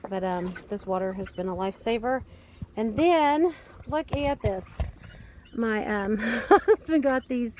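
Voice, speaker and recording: A woman with a fairly high voice talks her way around a homestead, chatty and rambling but matter-of-fact. She records outdoors on a handheld phone while giving a casual walking tour of her land and animals. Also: a little hiss or hum. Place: outdoors on a farm among animals.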